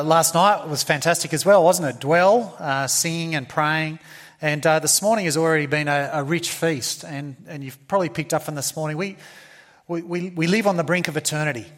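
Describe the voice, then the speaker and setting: An Australian man preaches a sermon in an earnest, emphatic way. He circles back on phrases for emphasis and fills gaps with "uh." His voice sits a little higher than most men's. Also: a bit bright. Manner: earnest, repetitive emphasis with fillers.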